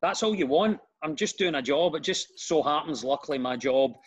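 A man's voice: on the high side, lively intonation, normal speed, husky. Chatty middle-aged Glasgow man. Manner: chatty, self-deprecating, tells stories with put-on voices. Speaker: comedian and radio presenter. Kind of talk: casual podcast chat.

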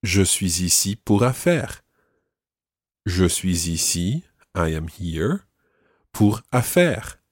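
A very deep-voiced man teaching a language podcast, recorded close to the mic in a dry studio. He repeats phrases slowly and patiently breaks them down. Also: lively intonation, dry recording. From Scotland. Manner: clear, slow model phrases with patient explanations. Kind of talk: explaining a language lesson.

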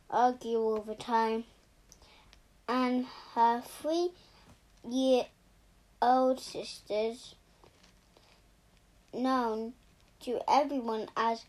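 A woman reading a storybook aloud in a slow, halting way, stumbling and restarting on words. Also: a little high, darkish tone, a little hiss or hum.

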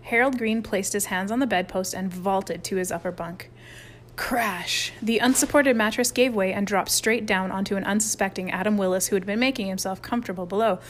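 A woman narrating a children's chapter book in a lively, expressive reading. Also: medium pitch, a little fast, slight background noise. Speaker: audiobook narrator. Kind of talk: storybook narration.

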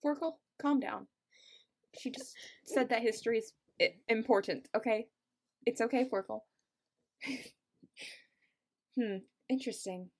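A woman co-hosts a chatty podcast, reading passages aloud and breaking off with giggles and dramatic asides. Her voice sits fairly high for a woman, and she sounds tired. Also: measured pace, long pauses, a little mellow. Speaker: podcast co-host.

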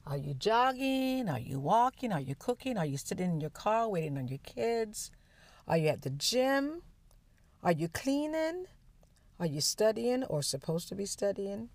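Slow-talking older woman podcast host. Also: on the low side, no echo. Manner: chatty, prayerful, laughs often. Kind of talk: casual comedy podcast chat.

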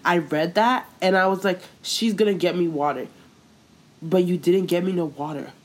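A woman's voice: on the low side, normal speed. Slangy young woman telling a story. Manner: animated storytelling, lots of slang and swearing. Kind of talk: casual chat.

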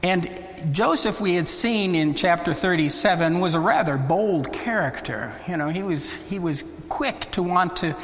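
A man preaching a Bible teaching sermon, deliberate and emphatic, often rising into exclamations. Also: high-pitched, fairly bright tone. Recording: long reverb of a large hall.

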